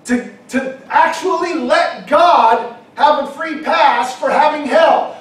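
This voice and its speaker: High-pitched preacher in an echoey hall. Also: male voice, takes it slowly, few pauses, distant mic, a little hiss or hum. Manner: emphatic, rising to shouts, acting out quoted objections. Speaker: pastor. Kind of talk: sermon. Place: church hall.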